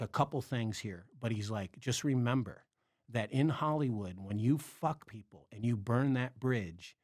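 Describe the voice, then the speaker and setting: A man from the Chicago area, a podcast guest, telling a story in casual chat. He is animated, acts out the voices of the people he quotes and swears freely. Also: fairly low pitch, no echo, clean studio sound. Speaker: podcast guest, comedy club bartender.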